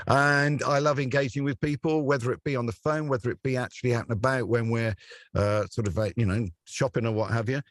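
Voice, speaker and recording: A male radio presenter rambles happily through anecdotes, laughing often and slipping into little put-on voices. His pitch sits in the ordinary middle for a man. The sound is close and dry, with almost no room. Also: no room sound. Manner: chatty storyteller who laughs often and acts out voices. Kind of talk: relaxed anecdotal interview chat.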